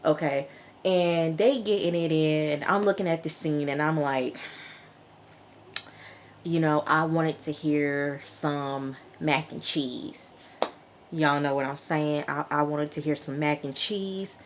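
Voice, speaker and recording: A woman reviewing a TV episode in a chatty, animated way, laughing often and talking straight to her viewers. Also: sits low, takes it slowly, slight background noise. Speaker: TV show reviewer. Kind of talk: casual review vlog.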